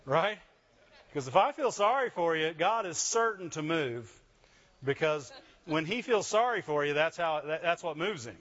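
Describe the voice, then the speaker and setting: A man delivers a sermon in a high, bright-pitched voice, pressing his points and checking in with the congregation through call-and-response. The recording sounds dull and lo-fi. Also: lively intonation, normal speed. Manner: call-and-response preaching, frequent "Amen?" and "Right?". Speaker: pastor.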